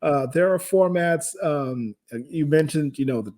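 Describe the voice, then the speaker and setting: Measured man from the Midwest. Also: fairly high pitch, darkish tone. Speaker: radio sales director. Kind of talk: interview conversation.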